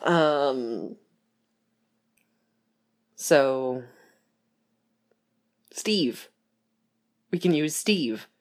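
Young woman, low, very expressive pitch, rambling fan chat, slips into quick voices for quoted lines. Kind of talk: casual fan chat about a TV show.

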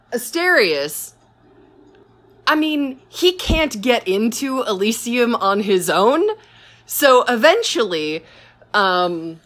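A woman spinning a casual story in a slow, unhurried way. She rambles, fills pauses with ums and likes, and corrects herself as she goes. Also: a little high, a bit bright. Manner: rambling, full of fillers and self-corrections.

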